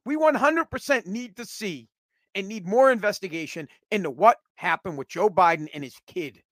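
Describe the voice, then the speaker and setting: A man's voice: sits high, expressive, normal speed, a bit bright, no echo. A man giving a heated, sarcastic political rant, swearing and repeating himself as he gets worked up. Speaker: political commentator.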